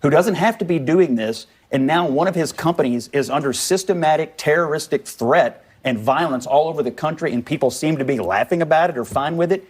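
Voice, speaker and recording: A man's voice: a little high, fairly quick, hardly any pauses, slightly rough. A man on a cable news panel in a heated debate, talking over his opponent. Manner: heated, interrupting.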